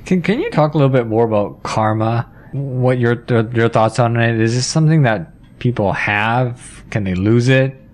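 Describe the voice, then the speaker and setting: Man, podcast host, halting questions, lots of fillers and restarts, medium pitch. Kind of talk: casual podcast conversation.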